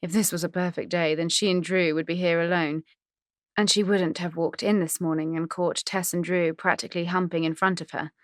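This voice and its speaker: A woman's voice: on the low side, steady tone, brisk, no room sound, studio quality. A woman reading a novel aloud in wry, conversational narration. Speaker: audiobook narrator. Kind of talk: scripted narration.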